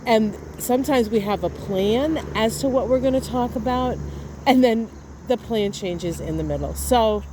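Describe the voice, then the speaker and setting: A woman's voice: on the high side, a little slow, noisy background. A woman vlogging casually to camera outdoors in her garden, chatty and enthusiastic, often trailing off with fillers. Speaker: astrology vlogger.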